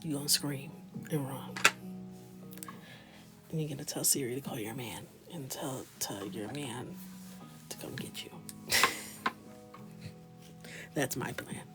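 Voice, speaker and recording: A woman in her thirties chatting in a mostly whispered, joking way while coloring, with sudden loud shouts. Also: extremely low pitch, a little slow, long pauses, loud music behind the voice. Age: 30s. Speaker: coloring livestreamer. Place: small closet with a ring light.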